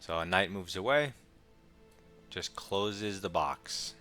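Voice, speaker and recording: A young man giving casual, quick play-by-play of his own chess game with wry asides. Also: low voice, pushed and bright, soft background music. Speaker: chess streamer. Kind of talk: casual live game commentary.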